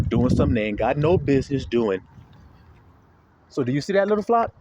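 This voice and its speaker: A man's voice: medium pitch, very animated, brisk, dull audio, background noise. A man preaching an informal sermon, folksy and profane, talking straight to his listeners.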